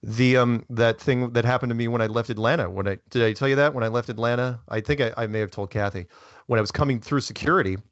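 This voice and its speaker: A man in casual talk-show conversation, spinning long rambling stories and acting out the people in them. His voice sits at an ordinary middle pitch. The sound is dry and muffled, like a lo-fi online recording. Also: fast talker, dry recording. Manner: rambling, animated anecdotes with acted-out quotes. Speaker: guest speaker. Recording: dull lo-fi audio.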